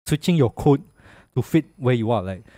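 A man's voice: mid-range voice, lively intonation, normal speed, dark tone, no room sound. A young man with a Malaysian English accent chats easily on a podcast. He laughs often and drops "lah" at the ends of his lines. He is recorded close and dry, with no room sound. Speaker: podcast co-host. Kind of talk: casual chat.

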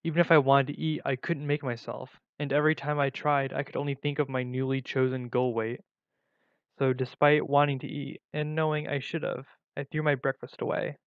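Guy reading a story out loud, steady, kinda gravelly, dry dull mic. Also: mid-range voice, brisk, dry recording. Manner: plain, steady reading with small slips and restarts. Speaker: story reader. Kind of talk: reading a first-person story aloud. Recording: dull lo-fi recording.

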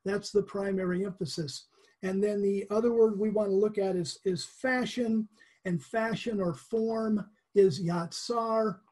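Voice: mid-range voice, fairly even intonation, unhurried, darkish tone. A Bible teacher giving a conversational lesson, explaining patiently with chuckles and frequent restarts.

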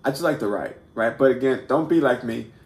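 Gravelly man teaching in a loose, halting way. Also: mid-range voice. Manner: halting, many repeated words and restarts, keeps asking "right?"; self-deprecating and informal. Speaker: poetry teacher and host. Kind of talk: casual unscripted video lesson. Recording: echoey room.

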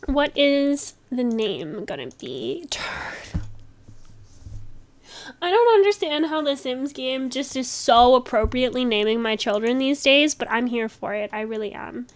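A woman hosting a casual gaming video, chatting and gushing as she plays. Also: high-pitched. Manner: bubbly, gushing, quick with laughs. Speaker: gaming channel host. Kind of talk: casual gameplay commentary.

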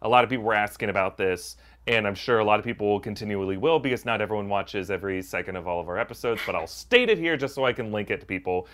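A man's voice: on the low side, lively intonation, quick pace, hardly any pauses, a bit bright. A man co-hosting a casual chat, explaining things in detail with many fillers. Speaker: co-host.

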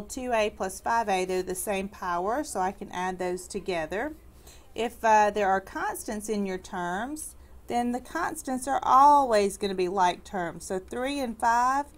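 A woman teaching a recorded math lesson in a patient, explanatory way. She slows down on the words that matter and adds gentle classroom humor. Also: medium pitch. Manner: light corny humor for students.

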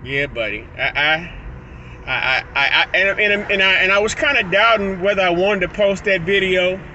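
Driving his car, an Illinois vlogger talks to his phone in a loose monologue, restarting with stutters and tossing in laughing asides. His high voice is pushed and bright at a moderate pace, and the audio is dull with a bit of background noise.

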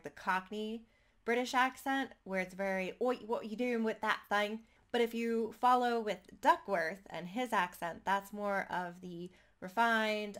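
A woman in her thirties talking to camera in an upbeat, chatty way, giving tabletop gaming tips in quick bursts. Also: medium pitch, a bit bright. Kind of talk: casual talk to camera.

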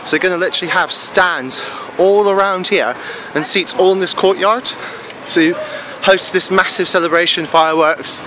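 A man chatting casually in a travel vlog, excitable and full of fillers, filming himself indoors and then outdoors on a handheld camera. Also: high voice, moderate pace, noisy background. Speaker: travel vlogger. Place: hotel room, then outdoors at a castle.

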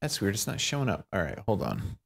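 A man talking through a software tutorial, thinking aloud, fumbling and poking fun at himself. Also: fairly low pitch, wildly swooping pitch, fast, vocal fry, husky. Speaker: tutorial maker. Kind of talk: unscripted screen-recorded tutorial.

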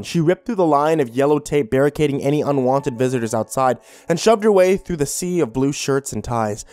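A man's voice: medium pitch, lively intonation, brisk, few pauses, darkish tone. A man narrating a horror story in a dramatic scripted reading.

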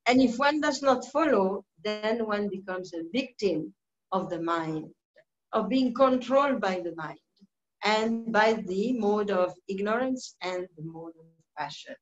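A woman giving a slow, deliberate scripture class, pausing often with soft fillers. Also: medium pitch, animated. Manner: slow, deliberate teaching with many pauses and fillers. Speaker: spiritual teacher. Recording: dull lo-fi recording.

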